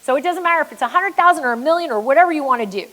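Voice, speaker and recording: A woman's voice: high voice, expressive, rapid-fire, bright, forceful tone, poor audio. A Canadian woman giving a motivational keynote as a business coach, emphatic and blunt, with some swearing. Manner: emphatic storyteller, blunt and profane.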